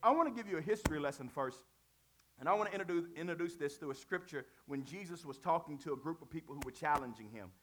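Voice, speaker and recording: Lively, high-voiced man preaching. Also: quick pace, noisy background. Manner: lively and conversational, asks the congregation questions, uses slang. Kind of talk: sermon.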